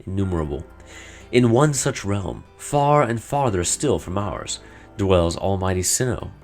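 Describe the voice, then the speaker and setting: A solemn, cryptic old woman who guards ancient legends, as a man reads her lines aloud from a game. Her voice sits low but rises and falls with lively inflection. She speaks formally, like someone handing down old words out of duty. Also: unhurried, soft background music. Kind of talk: reading game dialogue aloud in character.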